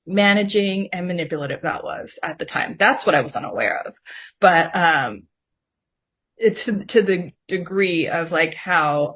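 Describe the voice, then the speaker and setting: A woman's voice: mid-range voice, fairly bright tone. A woman guest on a podcast, candidly telling her personal story and acting out her past self in mocking quoted asides.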